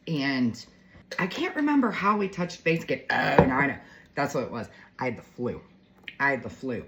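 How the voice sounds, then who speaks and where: A woman's voice: a bass voice, a little hiss or hum, poor audio. Emotional chatty woman in her forties. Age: 40s. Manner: heartfelt, emotional, chatty with fillers. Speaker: vlogger. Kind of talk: casual storytelling to viewers.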